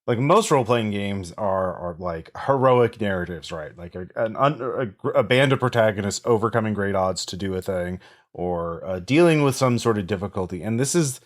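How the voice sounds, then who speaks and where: A man's voice: on the low side, animated, moderate pace. Man musing over games on a podcast. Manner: rambling, many fillers and restarts, reflective. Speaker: podcast co-host. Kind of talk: casual chat.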